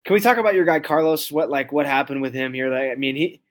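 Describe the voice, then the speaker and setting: A man's voice: medium pitch, steady tone, fast talker. A man hosting a casual sports podcast interview, upbeat and chatty with loose banter. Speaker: podcast host.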